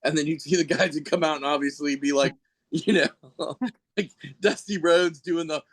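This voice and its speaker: A man's voice: on the high side, fairly even intonation, moderate pace. A middle-aged man chatting casually as a podcast guest, rambling through stories with frequent laughs. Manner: rambling, laughs often, mimics people in quotes. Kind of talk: casual chat.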